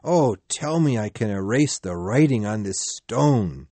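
A man's voice: on the low side, expressive, unhurried, dark tone, no room sound. A man reading a storybook and voicing a frightened old miser who begs and cries out. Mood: earnest. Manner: pleading, rising to anguished cries.

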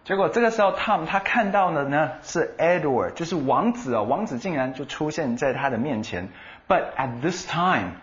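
A man co-hosting a radio English lesson, explaining words and quizzing his partner with animated emphasis. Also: on the high side, normal speed, dull audio. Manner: animated explaining, switching between Chinese and English. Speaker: bilingual co-host explaining in Chinese.

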